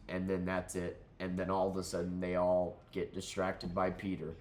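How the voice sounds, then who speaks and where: A man's voice: deep voice, completely flat delivery, moderate pace, few pauses. A man hosting his own channel, talking through a casual film review in a nasal, stuffy-nosed voice while under the weather, rambling candidly with lots of fillers and restarts.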